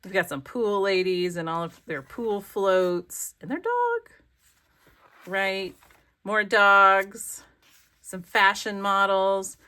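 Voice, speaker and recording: A woman's voice: mid-range voice, steady tone, slow, pushed and bright, clear, resonant tone. A woman craft vlogger chatting casually as she flips through her pages, rambling and gushing over favorites. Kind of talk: casual flip-through commentary. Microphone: desk camera.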